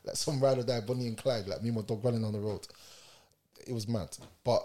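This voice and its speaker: A man's voice: lowish voice, fairly even intonation, quick pace, warm tone. A man in a casual podcast chat, telling stories in street slang and acting out the scenes.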